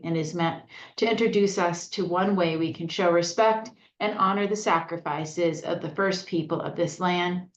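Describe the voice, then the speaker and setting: A woman chairing a county task force meeting, opening it in a chatty, upbeat, self-deprecating way. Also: lowish voice. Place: meeting room. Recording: echoey lo-fi meeting audio.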